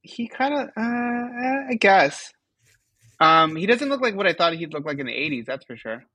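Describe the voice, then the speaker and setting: A man with a bright, forward voice co-hosts a podcast, recapping an episode in loose, chatty talk. The recording is dry and close, with no room sound. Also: high-pitched, sing-song, moderate pace, no echo. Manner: loose and chatty, with frequent ums and likes. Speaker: podcast co-host. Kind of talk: casual episode recap chat.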